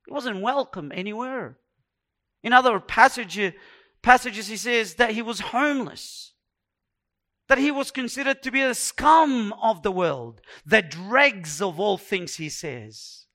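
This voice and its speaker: High-voiced preacher, slow and dramatic. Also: male voice. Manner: dramatic preaching, swinging from hushed to loud; acts out quoted complaints in a raised voice. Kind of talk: sermon.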